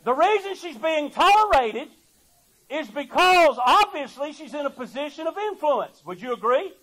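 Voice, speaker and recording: High-voiced pastor preaching. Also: male voice, big pitch swings, moderate pace, a bit bright, low-quality recording. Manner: emphatic preaching, repeats words, folksy asides. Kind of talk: sermon.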